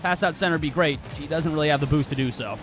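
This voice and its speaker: A man casting a live esports match as play-by-play commentator, excitable and quick to shout on big plays. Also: on the high side, music in the background. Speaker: esports caster.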